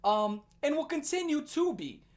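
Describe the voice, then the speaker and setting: Young adult woman, commentary rant, fairly high pitch, very animated, profane, laughing. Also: moderate pace. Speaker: commentary channel host. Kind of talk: ranting commentary.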